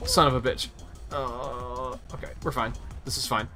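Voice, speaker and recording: Music plays in the background as a medium-pitched man hosts a live gaming stream at a moderate pace. His casual chatter turns into animated rants packed with profanity.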